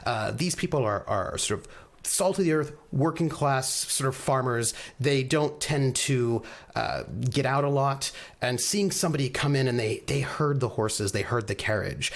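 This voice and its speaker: A man's voice: medium pitch, moderate pace. A man narrating as game master in a tabletop role-playing game, descriptive and loose with many fillers.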